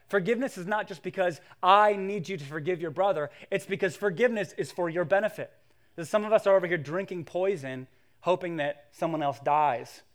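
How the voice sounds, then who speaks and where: A young adult man preaching a sermon to a congregation, telling stories in a conversational, humorous way that builds in excitement. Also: fairly high pitch. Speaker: pastor.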